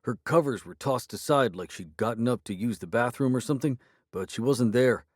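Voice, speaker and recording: A man voicing a shaken, plain-spoken young henchman who is rough but decent, speaking uneasily in an audiobook. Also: mid-range voice, a little fast, no echo, studio quality, natural voice. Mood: uneasy.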